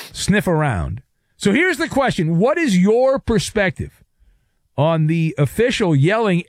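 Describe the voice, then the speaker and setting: A middle-aged man hosts sports talk radio in a sarcastic, jokey tone, and his pitch swings widely as he riffs. His voice sits a bit high for a man and sounds dry and close, with little room sound. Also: no room sound. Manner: sarcastic, animated, jokey asides.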